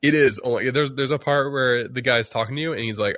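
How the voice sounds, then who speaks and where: A man's voice: mid-range voice, steady tone, moderate pace, sharp tone, no room sound, clean studio sound. A man chatting casually on a podcast, rambling with many restarts and fillers while acting out quotes. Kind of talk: casual chat.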